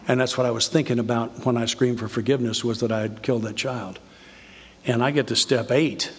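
An older man giving an earnest, confessional recovery talk, telling his story with halting restarts. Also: medium pitch. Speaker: recovery speaker. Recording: reverberant hall.

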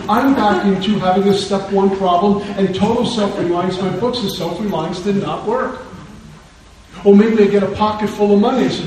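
At a recovery meeting, a middle-aged man with a fairly high voice tells his personal story earnestly, breaking in with wry laughs. He speaks at normal speed with long pauses. The mic is distant in a very echoey hall, with some background chatter and slight hiss or hum.

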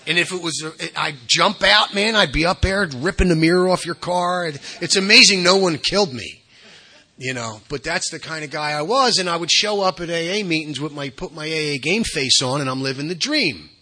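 A man giving a candid personal talk at a recovery workshop, blunt and conversational, dropping to soft asides and then pushing out emphatic bursts. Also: a little high, normal speed.

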